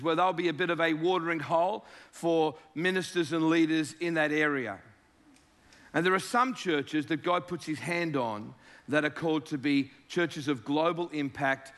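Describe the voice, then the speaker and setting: Bright-voiced Australian man preaching. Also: a little high. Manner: jovial, joking, energetic preaching. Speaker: guest preacher. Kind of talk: sermon.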